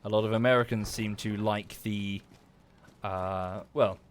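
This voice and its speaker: A man's voice: fairly low pitch, steady tone, measured pace, slight background noise. A man from southern England with an Estuary English accent, talking casually while he plays a game on a livestream, thanking viewers by name and swearing under his breath at the game. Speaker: game streamer.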